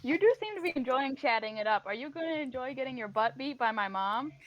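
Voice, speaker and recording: Teasing high-voiced woman playing a tabletop game. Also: lively intonation, fast, slight background noise. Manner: playful, teasing comebacks. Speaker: player. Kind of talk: in-character tabletop play. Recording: dull lo-fi.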